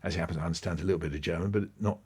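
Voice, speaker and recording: As a guest on a podcast interview, a man tells stories animatedly, his pitch swinging up and down. His husky voice comes out rapid-fire.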